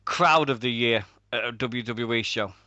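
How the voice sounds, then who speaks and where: A man's voice: mid-range voice, normal speed, sharp tone, dry recording, highs cut off. A British man co-hosting a wrestling radio show, rambling through stories with plenty of swearing and laughing at his own jokes. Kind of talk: casual podcast banter.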